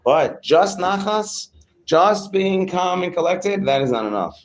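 A man's voice: high-pitched, expressive, a little slow, low-quality recording. A man teaching a Torah class to students. He reads Hebrew lines, translates them into casual English with some slang, and banters with the class.

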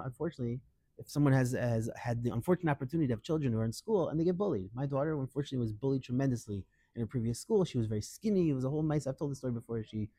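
A middle-aged man teaching a lively Torah class, acting out quoted voices and mixing Hebrew into English. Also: medium pitch, no room sound.

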